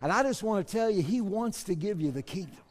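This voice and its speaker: A man pastor preaching a sermon, moving between soft asides and loud shouted bursts. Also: sits high, expressive, a little fast, long reverb tail.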